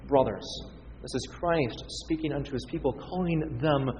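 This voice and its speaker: A man's voice: mid-range voice, moderate pace, a little mellow. Man preaching in an echoey hall. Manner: teaching, reads scripture aloud with emphasis. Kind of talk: expository sermon. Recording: dull, reverberant hall sound.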